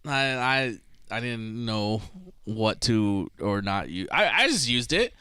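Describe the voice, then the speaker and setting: A young man co-hosting a podcast in casual chat, relaxed and rambling, laughing easily. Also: on the low side, slow, smooth, no room sound, studio quality. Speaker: podcast co-host.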